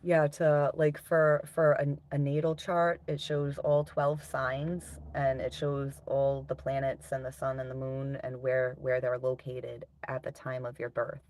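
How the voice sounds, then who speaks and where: A woman's voice: a bass voice, flat delivery, unhurried, few pauses, a little mellow, slight background noise. A woman live streaming, chatting casually with her viewers, laughing often and swearing freely.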